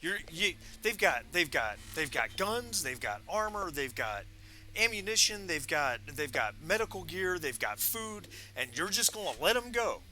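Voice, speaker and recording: Man as an agitated survivor, pitched up, ranting and incredulous. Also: big pitch swings, normal speed, sharp tone, a little hiss or hum, exaggerated voice.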